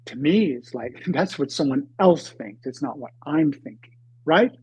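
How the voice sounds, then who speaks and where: Husky older man telling a dramatic story. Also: on the high side, expressive. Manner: halting, dramatic, with swings between loud and hushed. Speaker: guest. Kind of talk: storytelling in a podcast interview. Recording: dry, slightly dull lo-fi recording.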